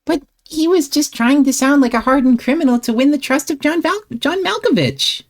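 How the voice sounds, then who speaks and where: A woman's voice: high-pitched, lively intonation, normal speed. A woman playing an easygoing teenage girl who teases and pushes back, upbeat and incredulous, in a fan-made comic reading.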